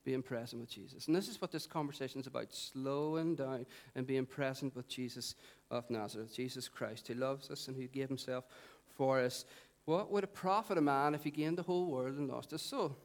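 A middle-aged man preaching a sermon, conversational and animated, putting questions to the congregation. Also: mid-range voice, brisk. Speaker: pastor.

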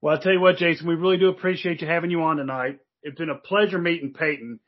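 Sex: man. Origin: Louisville. Role: co-host. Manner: chatty, joking. Pace: fast. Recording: muffled lo-fi. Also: a little high, fairly even intonation. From Louisville, Kentucky. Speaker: podcast co-host. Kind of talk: casual interview chat. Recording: dull lo-fi audio.

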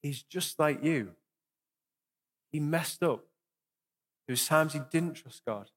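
A man's voice: a little high, slow pace. A young adult man preaching as a pastor, earnest and encouraging, repeating phrases for emphasis, and leading a closing prayer. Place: church hall. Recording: long reverb of a church hall.

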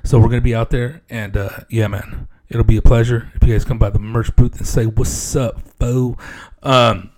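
Man, comedy podcast host, casual joking monologue, mid-pitched, creaky voice, podcast studio. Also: little pitch movement, fairly quick, few pauses, a little mellow. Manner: loose, joking, repeats "yes, yes" and "man".

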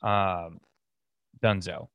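A man's voice: sits low, fairly even intonation, very slow, creaky, no echo, lo-fi sound. A man hosting a casual solo podcast, rambling through stories with lots of fillers and restarts. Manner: rambling, filler-heavy, loose storytelling. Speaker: podcast host.

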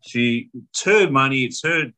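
A man's voice: medium pitch, expressive, measured pace, pushed and bright, rough recording. A man with an Australian accent, hosting a podcast and animatedly telling a story with swearing and laughter in casual chat. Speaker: podcast host.

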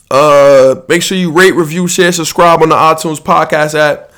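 A man's voice: a little high, fairly even intonation, normal speed, fairly bright tone. A man with a New York accent hosting a casual sports podcast, ranting in a profane, rambling way with many restarts. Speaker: podcast host.

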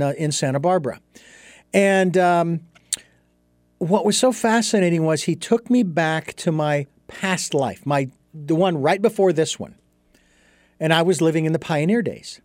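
A man speaks as an interview guest and tells his story in an earnest, thoughtful way. His voice sits a little high. The sound is close and dry. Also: darkish tone, no room sound. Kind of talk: reflective storytelling in conversation.

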